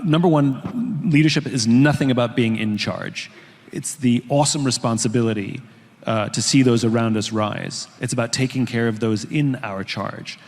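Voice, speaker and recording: Man speaking in a long reverberant hall. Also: medium pitch. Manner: explains through everyday analogies. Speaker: leadership speaker. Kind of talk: talk on leadership.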